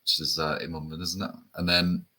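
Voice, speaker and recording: A man's voice: low-pitched, flat delivery, brisk, sharp tone. A man from the UK co-hosting an enthusiast show, chatting hesitantly with fillers and tag questions. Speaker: co-host. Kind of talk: casual chat.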